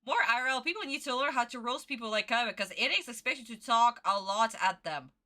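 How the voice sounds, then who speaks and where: A woman's voice: a little high, quick pace, sharp tone. A young woman streaming a casual reaction chat, talking in an opinionated, emphatic way with lots of repetition. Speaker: streamer reacting to an anime episode.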